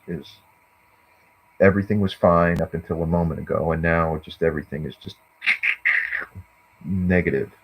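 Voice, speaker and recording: A man's voice: low voice, husky. A man musing in a rambling monologue, meandering and hesitant, with many fillers, on a dull lo-fi recording. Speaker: vlogger.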